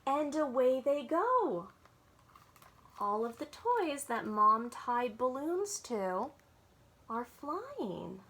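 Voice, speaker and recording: A woman librarian reads a picture book aloud to young children in a sing-song way. Her voice sits a little high and rises and falls a lot. She takes her time and often stops to ask her little listeners questions. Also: very animated, very slow, fairly bright tone, a little hiss or hum.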